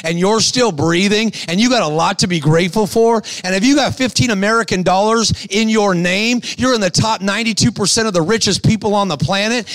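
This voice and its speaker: A man's voice: high voice, dry recording. A man preaching a sermon, telling stories with acted-out voices and exhorting the crowd. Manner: animated storytelling, acts out quoted voices.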